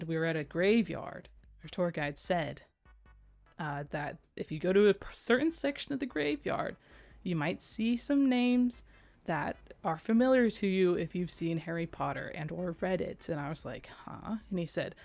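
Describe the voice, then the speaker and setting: Young american girl streamer chatting away, giggly, kinda low voice, little bit of music in the back. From United States. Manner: giggly, chatty, repeats herself for emphasis. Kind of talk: casual live-stream chat.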